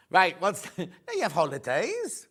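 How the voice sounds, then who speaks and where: A British man hosts a live sewing shopping show from a TV studio. His bright, lively voice swings up and down as he reads out prices, teases his co-presenters and answers viewer messages. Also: high voice, husky. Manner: chatty, teasing, reading out prices and viewer messages.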